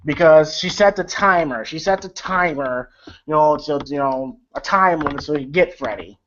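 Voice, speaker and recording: A man with a fairly high, fairly bright voice recaps a film at normal speed, rambling loosely with plenty of fillers, swearing and chuckles. The recording is lo-fi with faint noise.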